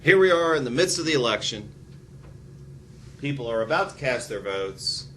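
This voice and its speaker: A man teaching a recorded history lesson, animated and prone to sarcastic asides. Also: mid-range voice, normal speed, a little hiss or hum.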